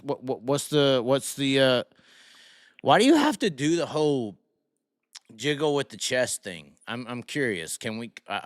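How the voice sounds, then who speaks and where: A man's voice: mid-range voice, a bit bright, no room sound, clean studio sound. Rambling, incredulous male streamer. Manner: rambling, incredulous, lots of restarts and asides to viewers. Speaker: livestream host. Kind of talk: casual live-stream commentary.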